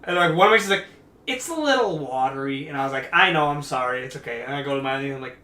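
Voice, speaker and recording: A man's voice: medium pitch, lively intonation, racing, pushed and bright. A man co-hosting a podcast, telling a long rambling story in casual chat, full of "like" and quoted back-and-forth. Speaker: podcast co-host. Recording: roomy echoey room.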